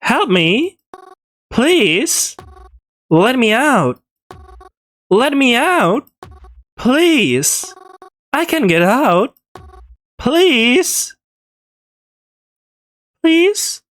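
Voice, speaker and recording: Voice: medium pitch, very animated, takes it slowly, long pauses, fairly bright tone. A game player voicing a nervous young woman who stammers and pleads, reading a visual novel aloud. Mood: pleading.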